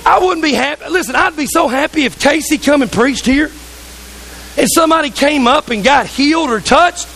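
A man's voice: very high voice, expressive, moderate pace, vocal fry, fairly bright tone, a little hiss or hum, low-quality recording. A man preaching a sermon in a church, fervent and conversational, with asides to the congregation. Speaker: pastor.

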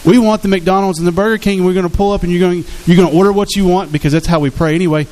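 A man's voice: high voice, fairly even intonation, racing, warm tone, poor audio. A man preaching a sermon as pastor, in a conversational way, often asking the congregation questions. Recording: faint hiss in the background.

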